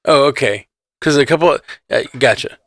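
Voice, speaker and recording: A man's voice: medium pitch, moderate pace, a bit bright, no echo, clean studio sound. A man co-hosting a podcast in casual chat, easygoing, laughing often and trailing off mid-thought. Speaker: podcast co-host.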